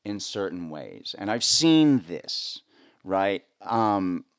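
A man's voice: low-pitched, slow. Middle-aged man from the States, casual storytelling, rambling, lots of fillers. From United States. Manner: rambling, lots of fillers, animated voices when quoting. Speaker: guest, live sound rigger.

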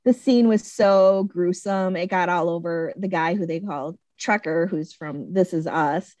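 Talking about a movie in an unhurried but animated way, a woman switches to high, squeaky voices to quote the characters. The recording is dry.

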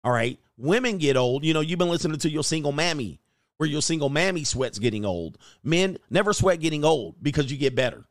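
A man's voice: a little high, lively intonation, a little fast, no echo, studio quality. A middle-aged man hosting casual commentary, slangy and preachy, with laughing asides. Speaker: host.

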